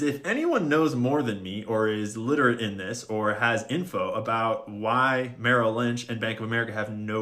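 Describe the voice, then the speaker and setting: A man's voice: mid-range voice, a bit bright. A man talking casually to camera, explaining things step by step with wry, sarcastic asides and open questions. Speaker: video creator.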